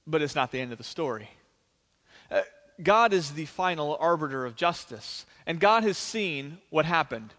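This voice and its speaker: A man preaches to a church congregation, his voice riding high as he tells the story with animated energy. Each phrase rings out and trails off in the long reverb of a large sanctuary. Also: moderate pace. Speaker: pastor. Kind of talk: sermon.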